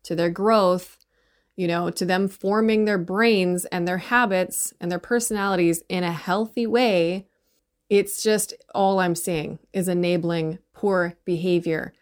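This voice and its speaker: A woman's voice: on the low side, steady tone, unhurried. A middle-aged woman talking in a rambling, opinionated monologue, often tagging her points with "right?". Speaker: commentator on parenting. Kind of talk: casual monologue.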